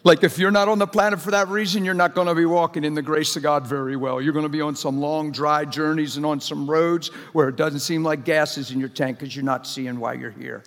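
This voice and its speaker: A middle-aged man with a slightly high voice preaches to a congregation in a large church hall, fairly quickly and with few pauses. His tone stays steady as he jokes conversationally and presses the crowd with questions. Long hall reverb fills the recording.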